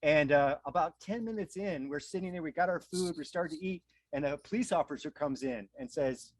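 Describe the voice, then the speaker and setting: A man's voice: on the high side, a little fast, darkish tone, dry recording, rough recording. A man telling a story in casual chat, acting out quoted lines. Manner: chatty, acts out quoted lines.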